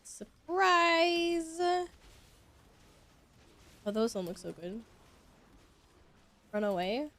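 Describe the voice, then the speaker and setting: Her medium-pitched voice is a little mellow and a little slow, with frequent pauses. While streaming a game, the young woman keeps up casual gameplay commentary, talking to chat as she plays and swearing occasionally.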